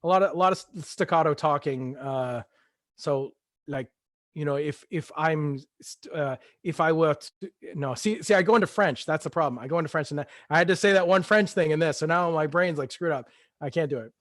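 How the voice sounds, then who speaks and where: A man's voice: a little high, brisk, a bit bright, dry recording. A man, a guest author, reading his own fiction aloud and then chatting in a casual, self-deprecating way from his home studio.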